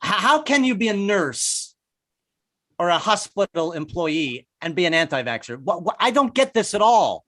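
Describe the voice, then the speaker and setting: A man's voice: sits high, very animated, normal speed, a bit bright, poor audio. An older man doing stand-up comedy, wry and self-mocking, with stammering restarts.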